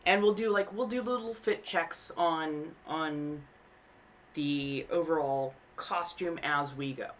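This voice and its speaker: A woman's voice: sits low, slow pace. Chatty woman rambling while she sews. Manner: rambling, frank, swears casually; laughs easily at herself. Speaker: streamer. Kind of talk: casual live-stream chat while sewing. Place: home apartment.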